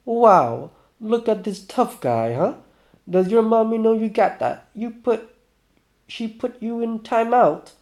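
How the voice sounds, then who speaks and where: A man's voice: high-pitched, normal speed, dark tone, pitched above the performer's own voice. A man voicing a drunk, boastful village man who jeers and talks big, reading game dialogue aloud. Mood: mocking. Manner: brash, jeering, raised voice.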